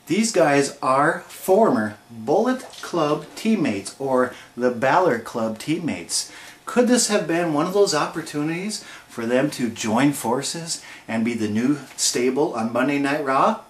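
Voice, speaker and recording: A man's voice: mid-range voice, fairly bright tone, slight background noise. A man giving a casual, playful recap review of a wrestling show, tossing out jokes and rhetorical questions. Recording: roomy echo.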